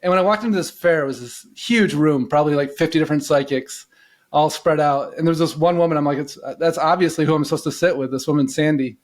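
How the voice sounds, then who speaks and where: A middle-aged man from the United States, a coach telling his life story as a podcast guest in a relaxed, rambling way, full of "you know" fillers. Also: a little high, quick pace. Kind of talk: casual storytelling in an interview.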